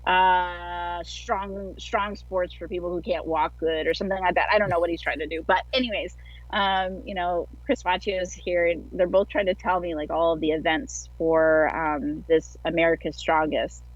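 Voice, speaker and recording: A woman with a lowish voice tells her story in a relaxed, chatty way, peppering it with filler words. She comes through a video call with dry, close sound. The audio is dull and lo-fi, with the muffled top end of an online call. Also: moderate pace, no echo. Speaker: guest athlete. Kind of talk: casual storytelling interview.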